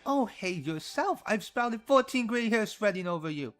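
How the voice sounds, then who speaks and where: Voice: medium pitch, animated, normal speed, a bit bright, faint music behind, lightly acted. A performer voicing a haughty young noblewoman who scolds in a prim, proper way.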